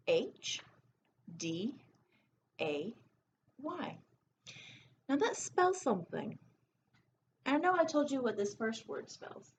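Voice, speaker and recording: A woman leads a recorded phonics lesson for preschoolers, drawing out each letter sound slowly in a sing-song voice. Her voice sits in an ordinary middle range, and the recording comes through dull and lo-fi with faint background noise. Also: mid-range voice, darkish tone. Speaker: preschool teacher.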